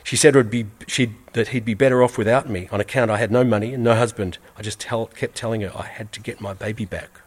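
A man reading a first-person story aloud in an earnest, measured way, repeating phrases for weight. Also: fairly low pitch, steady tone, breathy edge. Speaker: reader.

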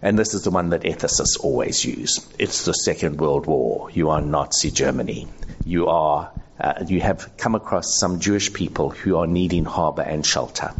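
A man's voice: very deep voice, normal speed, slight background noise. A man teaching ethics to a live audience in a conversational way, polling the room and acting out quoted voices. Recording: dull lo-fi sound.

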